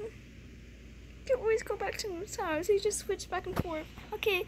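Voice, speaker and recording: A woman gamer chatting casually while playing, excitable and giggly, often squealing. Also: very high-pitched, normal speed, a little hiss or hum. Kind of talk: casual gameplay chat.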